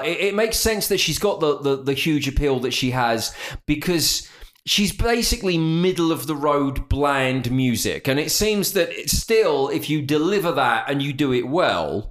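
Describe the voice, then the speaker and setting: A British man with a slightly raised pitch co-hosting a podcast chat. He rambles fast, repeats words as he restarts his sentences, and lays out opinions freely. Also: a bit bright. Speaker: podcast co-host. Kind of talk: casual chat.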